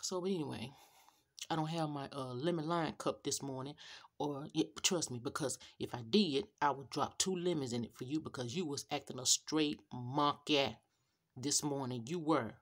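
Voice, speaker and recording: A middle-aged woman, a rideshare driver, telling a story to her viewers in an animated, sassy rant. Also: very deep voice, moderate pace. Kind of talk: casual storytelling rant to camera.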